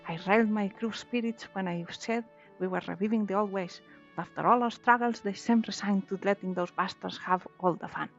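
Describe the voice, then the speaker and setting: A woman voicing a brash, foul-mouthed female pirate captain from a video game, with a gruff put-on pirate accent and rolled R's. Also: mid-range voice, steady tone, normal speed, highs cut off, soft background music, natural voice. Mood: bitter. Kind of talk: reading game dialogue aloud in voices.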